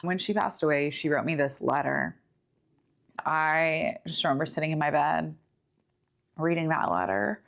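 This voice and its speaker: A young woman in her twenties hosting a podcast, talking through grief in an earnest, confiding, unhurried personal monologue. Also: low voice, lively intonation, gravelly, fairly bright tone. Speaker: podcast host. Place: home studio. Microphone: studio setup with camera.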